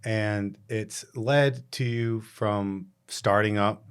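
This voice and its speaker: A man's voice: lowish voice, fairly even intonation, very slow, clean tone. A man hosting a podcast interview, upbeat and leading with questions. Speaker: podcast host.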